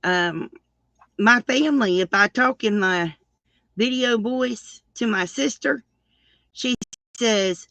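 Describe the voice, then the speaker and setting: A woman with a Southern country accent, chatting casually and deliberately as co-host of a crochet live stream. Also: on the high side, vocal fry, bright, forceful tone, dry recording.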